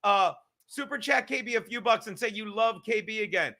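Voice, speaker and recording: A man's voice: high-pitched, brisk, pushed and bright. A male podcast host in a profane live-stream rant, angry and emphatic, swearing constantly and repeating his points.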